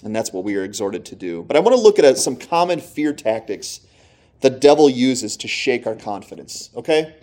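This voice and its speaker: A man's voice: medium pitch, very animated, moderate pace, darkish tone. A man preaching a sermon in an earnest manner, often checking in with his listeners.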